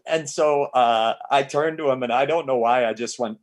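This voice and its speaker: A man in casual podcast chat, an excitable storyteller who stammers through restarts and swears freely. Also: medium pitch, normal speed.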